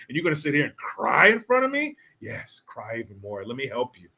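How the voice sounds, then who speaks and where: A man's voice: fairly high pitch, sing-song, normal speed, few pauses, pushed and bright. A man hosting a political commentary stream, ranting in a crude, mocking way and reading out chat comments. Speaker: host.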